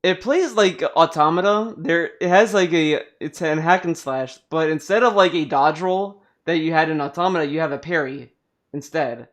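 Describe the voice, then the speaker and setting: A man's voice: fairly high pitch, normal speed. A man hosting a casual podcast, chatting about games in a rambling way full of fillers and restarts. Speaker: podcast host.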